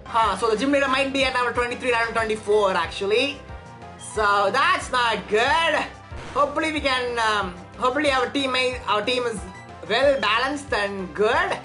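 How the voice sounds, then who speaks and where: Woman game streamer, bright high voice, chatty and jittery. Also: normal speed, soft background music. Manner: chatty, nervous, stumbles on words. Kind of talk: casual let's play commentary.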